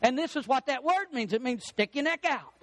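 Male preacher, high voice, dry close sound; leans hard on stressed words. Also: animated, dry recording. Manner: emphatic, drawn-out stresses on key words. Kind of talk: sermon.

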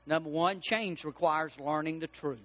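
A man preaching a sermon as pastor, with emphatic repetition that builds toward shouting. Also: fairly high pitch, moderate pace, lo-fi sound.

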